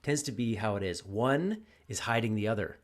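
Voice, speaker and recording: A man hosting a podcast conversation, speaking reflectively and haltingly, often repeating words as he gathers his thoughts. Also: on the low side, lively intonation. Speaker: podcast host. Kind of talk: casual conversation.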